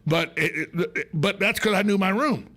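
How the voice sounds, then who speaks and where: A man's voice: sits high, moderate pace, sharp tone. A man hosting a talk radio show, telling jokes and stories in a casual, emphatic way. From United States. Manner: storytelling, joking, emphatic. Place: radio studio.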